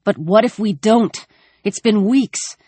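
A man's voice: high-pitched, takes it slowly, mellow, dry recording, pitched above the performer's own voice. A woman voicing a desperate male soldier, pleading urgently with a raised voice.

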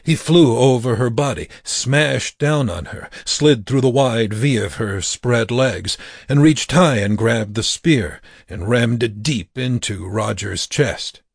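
A man narrating an audiobook in a slow, measured reading. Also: mid-range voice, dry recording, studio quality. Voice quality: gravelly, husky.

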